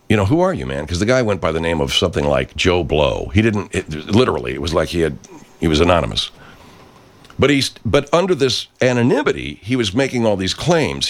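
Male host, low voice, lively pitch, profane rambling rant. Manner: brash, foul-mouthed, rambling.

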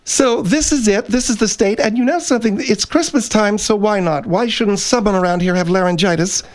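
Man doing a husky, hoarse, bossy woman. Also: sits high, brisk, voice pushed up, close to an everyday voice. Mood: hoarse, irritable. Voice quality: husky, thick voice. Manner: snappish, demanding. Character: cranky bossy woman with laryngitis. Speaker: radio show co-host. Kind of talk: comedy radio character.

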